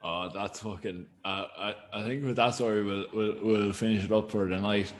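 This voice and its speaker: Guy hosting a podcast, low voice, laid back, lots of ums. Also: slight background noise. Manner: relaxed, halting with ums. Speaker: podcast host. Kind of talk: casual podcast sign-off.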